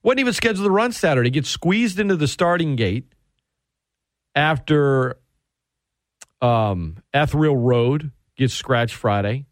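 Excitable male radio host. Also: mid-range voice, a little slow, long pauses, no room sound, clean studio sound. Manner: excitable, animated, with frequent restarts. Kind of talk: sports talk radio monologue.

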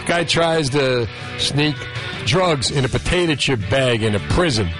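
A man's voice: medium pitch, measured pace, over music. A middle-aged man hosting a radio show, talking casually with callers and laughing often. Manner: joking, animated, laughs often.

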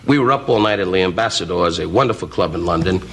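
A man's voice: sits low, fast talker. A man doing insult comedy as a talk show guest, firing teasing wisecracks and chuckling between jokes. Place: TV studio. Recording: archival TV clip with loud noise.

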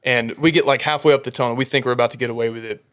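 A man telling animated football stories in casual chat, laughing often. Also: medium pitch, rapid-fire.

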